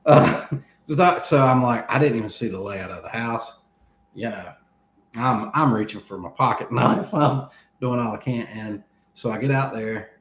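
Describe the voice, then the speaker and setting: A man's voice: medium pitch, moderate pace, roomy sound, slight background noise. A man in his thirties telling a long story in casual chat, laughing as he goes and acting out what people said. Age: 30s. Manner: animated, laughing between lines, acts out quoted speech.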